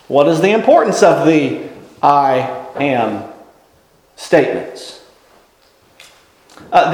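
A man preaching a sermon, teacherly and animated, with folksy asides. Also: high voice, roomy sound, poor audio.

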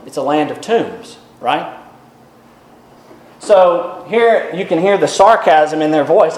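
A man's voice: on the high side, lively intonation, slow pace, long pauses. A man preaching a sermon that goes through scripture verse by verse, explaining in a conversational way and asking rhetorical questions. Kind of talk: expository sermon. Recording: roomy echo.

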